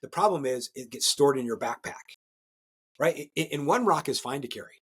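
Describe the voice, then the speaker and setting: A man talking as a guest coach in a podcast interview, energetic and emphatic, often tagging his points with "right?" and restarting words as he gets going. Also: mid-range voice, brisk, husky. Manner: repeats and restarts words when excited.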